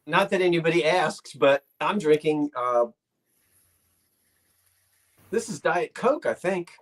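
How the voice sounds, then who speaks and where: A man's voice: a little high, animated, slow pace. A man co-hosting a live sale stream, chatting in a hesitant, rambling way with many restarts. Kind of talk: casual chat.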